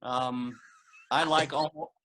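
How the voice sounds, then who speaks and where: A man telling a personal story in a casual, animated way, acting out the dialogue he quotes. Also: mid-range voice, very slow, poor audio. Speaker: martial arts guest answering questions. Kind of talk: casual storytelling on a video call.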